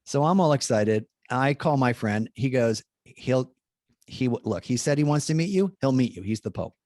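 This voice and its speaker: A man of middling pitch spins a lively personal story, chatty and full of fillers and self-corrections, slipping into the voices of the people he quotes. He sounds like a Jesuit priest talking as a guest, recorded close and dry with no room sound. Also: normal speed, no room sound. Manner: chatty, many fillers and restarts, acts out dialogue. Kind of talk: animated anecdote telling.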